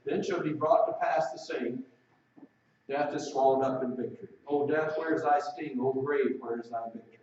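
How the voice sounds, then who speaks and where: A man preaching a sermon, reading scripture slowly and with emphasis between plain explanations. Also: medium pitch, a little mellow, a little hiss or hum. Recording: roomy echo, distant mic, dull lo-fi sound.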